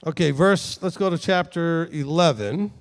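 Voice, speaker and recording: A man's voice: on the high side, normal speed. A man giving a conversational Bible teaching to a congregation, asking the audience questions as he goes. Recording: long hall reverb.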